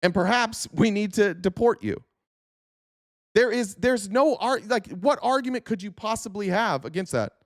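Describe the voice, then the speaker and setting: A man with a high, lively voice delivers a heated, profane livestream rant and confronts his viewers. His pitch swings widely as he argues. The sound is dry and close to the mic. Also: normal speed, no echo. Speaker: political livestreamer.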